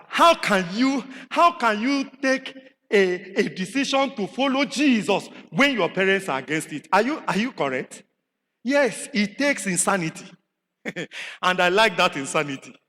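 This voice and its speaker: A man with a Nigerian accent preaching a sermon in a chapel, animated, swinging from shouts to low asides and asking rhetorical questions. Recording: long hall reverb in a chapel.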